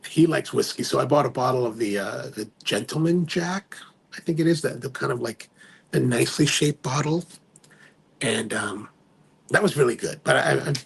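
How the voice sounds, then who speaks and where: A man's voice: mid-range voice, moderate pace, vocal fry, slightly rough. A man hosting a live stream in casual chat, reading viewer comments aloud and rambling, often trailing off and restarting. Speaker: livestream host.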